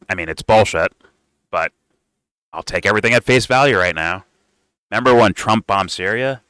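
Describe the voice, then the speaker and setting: A man's voice: fairly low pitch, pushed and bright, clean tone, dry recording. A man hosting a casual reaction commentary, heated, sarcastic and profane. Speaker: political commentator.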